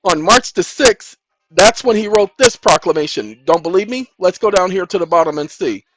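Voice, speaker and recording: High-voiced man preaching insistently, noisy recording. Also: moderate pace. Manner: emphatic, repeats "ladies and gentlemen", rises into loud insistent bursts. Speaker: channel host. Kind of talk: preaching-style monologue.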